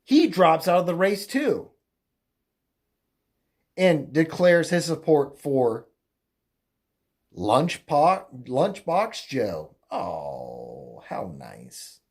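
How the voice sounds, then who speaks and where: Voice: medium pitch, very animated, drawn-out words, long pauses, a little mellow. A political commentary host ranting alone in a mocking, crude way, rambling with fillers, self-corrections and frequent laughter. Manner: mocking, crude, laughs often at own jokes. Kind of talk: opinionated solo rant.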